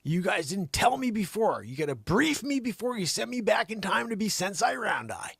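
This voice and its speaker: A man hosting his own livestream and riffing an improvised comedy bit, lurching from loud outbursts down to near-whispers. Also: high-pitched, sing-song, normal speed, vocal fry, slightly rough, no echo. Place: home studio.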